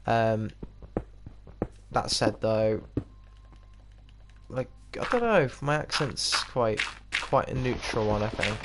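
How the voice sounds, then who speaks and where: A man's voice: on the low side, takes it slowly, long pauses. A young man from the UK with a slightly posh English accent, chatting in a rambling way while playing a game and laughing at himself. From United Kingdom. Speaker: gaming YouTuber. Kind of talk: casual gameplay commentary. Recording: noisy recording with mouse clicks.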